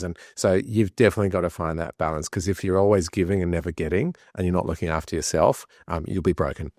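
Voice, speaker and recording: A man's voice: sits low, no echo, clean studio sound. A man, a podcast guest telling candid stories with restarts and self-deprecating humor. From Australia. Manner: animated storyteller, many restarts, self-deprecating.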